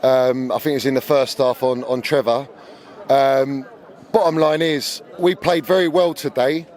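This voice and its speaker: A man's voice: medium pitch, steady tone, normal speed, a little mellow. A man giving his blunt, opinionated view of a lost match as a fan being interviewed outdoors. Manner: blunt, opinionated, building to anger. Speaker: football fan guest. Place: outdoors on a city street.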